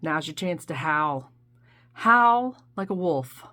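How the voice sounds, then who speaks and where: A woman's voice: low-pitched, expressive, takes it slowly, bright, forceful tone. A woman hosting a playful comic nature monologue, coaxing listeners and imitating owl, wolf and bullfrog calls. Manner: playful, mimics animal calls. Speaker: nature show host.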